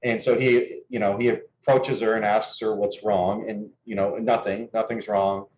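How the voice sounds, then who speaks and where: A man's voice: on the low side, little pitch movement, moderate pace, darkish tone, slight background noise. A man coaching on dating, explaining his views and telling a client's story in an earnest, casual conversational way. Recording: echoey room.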